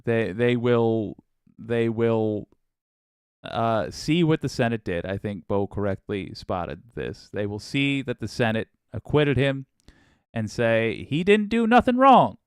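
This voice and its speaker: A man's voice: fairly low pitch, slow pace, a little mellow, clean tone, no echo, studio quality. A man hosting a political podcast, talking casually with wry asides and frequent restarts. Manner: chatty, wry, with laughs and restarts. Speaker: podcast host.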